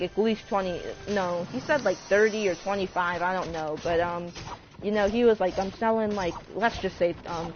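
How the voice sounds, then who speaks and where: A male storyteller in a casual storytime vlog, rambling with lots of fillers and self-corrections. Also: high-pitched. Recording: muffled lo-fi recording with faint hiss.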